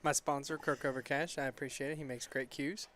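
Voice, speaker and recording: A man's voice: mid-range voice, fairly even intonation, a little fast, a bit bright, slight background noise. A man giving live pool commentary from a booth, breaking down shots and teasing his co-host. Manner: teasing, analytical, laughs often.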